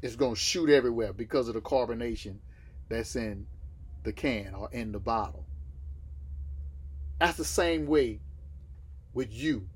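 A man's voice: mid-range voice, unhurried, long pauses, breathy edge. A man from the States, teaching a Bible class and asking his listeners questions that he then answers himself. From Southern United States.

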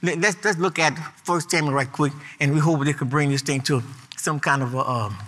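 A man preaching a sermon in an animated, repetitive way, stumbling through restarts and rising to emphatic peaks. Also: fairly high pitch, a little fast, slight background noise.

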